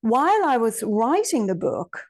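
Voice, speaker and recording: A woman's voice: fairly high pitch, very animated, measured pace, darkish tone. A woman from Ireland, a guest in a casual interview, telling stories in a chatty way with many restarts and asides.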